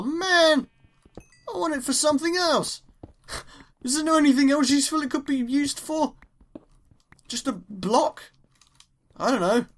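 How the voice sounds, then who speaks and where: A young man with an English accent giving chatty, excitable let's play commentary as he mines, exclaiming at each new find. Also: very high voice. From England. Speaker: gaming YouTuber.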